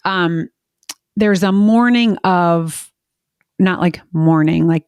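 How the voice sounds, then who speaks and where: A woman's voice: lowish voice, fairly even intonation, slow pace, clear, resonant tone, no room sound, clean studio sound. A middle-aged woman talking candidly as a podcast guest, emotional and rambling, often breaking off and restarting her sentences. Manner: emotional, rambling, self-interrupting. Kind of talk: candid conversational interview.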